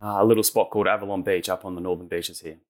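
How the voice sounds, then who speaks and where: A man's voice: low-pitched, steady tone, very fast. A man in his forties with an Australian accent, a guest chatting easily and laughing readily in an interview. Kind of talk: casual interview chat.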